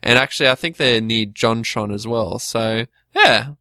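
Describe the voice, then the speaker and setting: A man's voice: mid-range voice, normal speed, pushed and bright, dry recording. A man co-hosting a casual podcast, reading out forum posts bluntly, with lots of ums and restarts. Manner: blunt, hesitant, with many fillers. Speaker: podcast co-host.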